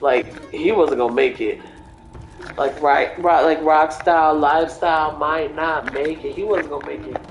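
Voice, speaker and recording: A woman's voice: low-pitched, normal speed, a little hiss or hum. A young woman chatting casually as a livestreamer, rambling through stories with lots of fillers. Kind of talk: casual chat. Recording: roomy echo with faint music.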